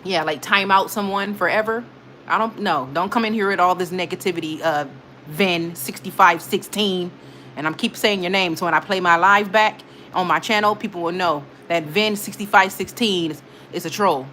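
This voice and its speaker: A woman's voice: on the low side, normal speed, pushed and bright, slight background noise. A woman hosting her own live stream, reading viewers' comments aloud and scolding rude commenters, emphatic and repeating herself for effect. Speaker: livestream host.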